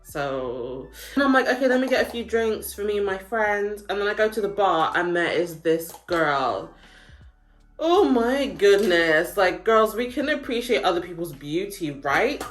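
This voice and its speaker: A woman's voice: mid-range voice, sing-song, a little slow. A young woman telling a story in a casual vlog, chatty and full of fillers. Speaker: vlogger.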